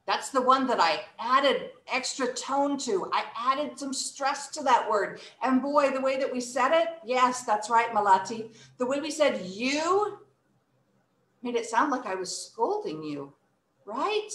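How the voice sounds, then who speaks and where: Animated woman teacher, echoey room. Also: high voice, unhurried. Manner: expressive, animated, demonstrates emotions and stress. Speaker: workshop teacher. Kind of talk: online English lesson for children.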